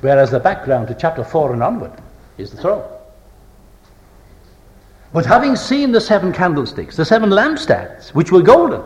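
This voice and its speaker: A male preacher with a high, animated voice delivers an impassioned sermon, ringing out on the key words of scripture and then sinking into hushed, low tones. He presses the congregation with rhetorical questions, and the sound carries the echo of a roomy hall. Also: moderate pace, pauses often. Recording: echoey hall.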